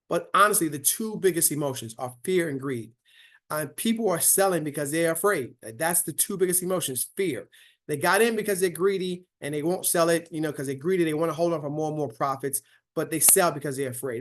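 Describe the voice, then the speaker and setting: A man with a voice on the high side hosts a casual online investing lesson as a financial coach. He's upbeat and keeps checking in with listeners with a frequent "right?"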